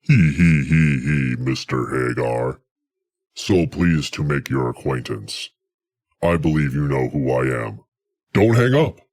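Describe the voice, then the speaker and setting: A man's voice: very deep voice, expressive, slow, darkish tone, no room sound, studio quality, pitched below the performer's own voice, heavily acted. A man voicing a menacing, smug male gang boss who cackles and threatens over the phone.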